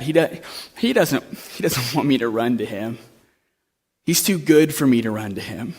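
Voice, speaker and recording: A man's voice: medium pitch, animated, moderate pace, a little mellow, breathy edge. A young man preaching a sermon, telling a story in a conversational way that builds to impassioned pleas.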